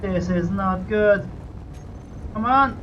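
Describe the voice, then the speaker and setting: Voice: mid-range voice, slow, fairly bright tone, muffled recording, a little hiss or hum. A let's-play host giving running gameplay commentary, talking to themselves and narrating each moment, with bursts of swearing and yelps. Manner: talks to self, narrates each moment, swears and yelps when things go wrong.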